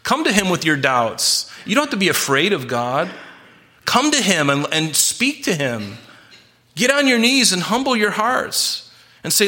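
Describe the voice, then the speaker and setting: A man's voice: sits high, sing-song, normal speed, pushed and bright. A man preaching a sermon, earnest and emphatic, with frequent restarts and repeated words. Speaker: pastor.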